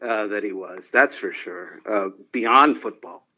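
With a fairly low, sharp-toned voice and an unhurried delivery, a man recounts anecdotes as a sportswriter guest on a phone-in interview. He's animated and laughs frequently over a dull, lo-fi line.

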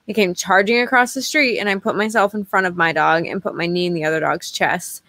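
Woman, co-host, reads viewer comments, brisk, matter-of-fact, dry recording. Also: on the low side, fairly even intonation, pushed and bright, dry recording. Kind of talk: reading comments aloud on a live show.

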